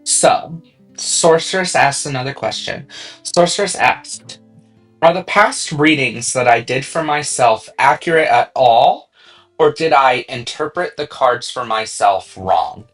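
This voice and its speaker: A man's voice: medium pitch, lively intonation, unhurried, fairly bright tone. A tipsy man co-hosting a casual tarot livestream, rambling and full of "you know what I mean", with faint music behind. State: tipsy from drinking. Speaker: tarot reader co-host.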